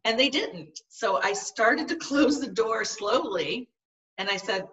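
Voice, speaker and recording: Bright-voiced woman telling a story earnestly. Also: a little high, animated, slow, recorded from a distance, low-quality recording. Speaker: podcast guest. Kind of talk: personal storytelling in an interview.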